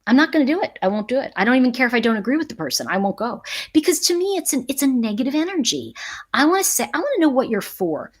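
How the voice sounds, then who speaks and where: A woman's voice: high-pitched, big pitch swings, fast. Middle-aged lady chatting live with her viewers, emphatic, laughs a lot. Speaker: livestream host. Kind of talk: casual live chat with viewers.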